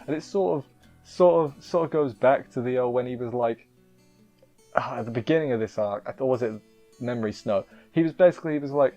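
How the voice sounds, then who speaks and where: Male anime reviewer, mid-pitch, rambly and gushing, mildly muffled sound, soft guitar underneath. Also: brisk. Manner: emotional, rambling, self-interrupting. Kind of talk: casual chat.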